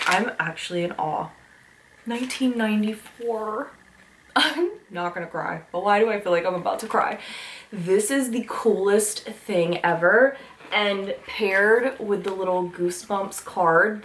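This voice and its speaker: A woman in her thirties filming an unboxing at home, gasping with delight and gushing over every item. She talks slowly and strings her thoughts together with plenty of fillers. Faint noise hums under the recording. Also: medium pitch, a bit bright. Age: 30s. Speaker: vlogger. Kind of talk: excited unboxing chat.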